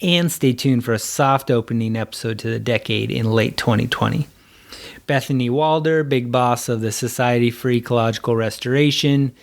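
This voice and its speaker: A man hosts a podcast in a relaxed, meandering way. His voice sits at a middle pitch. He laughs easily and his phrasing is loose. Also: normal speed, gravelly. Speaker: podcast host. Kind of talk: casual interview chat and outro.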